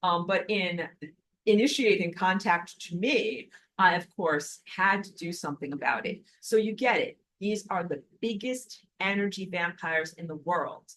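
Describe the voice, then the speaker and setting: A woman teaching a recorded online spiritual lesson and answering viewer comments, emphatic and animated, repeating words for stress. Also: on the low side, unhurried, rough recording.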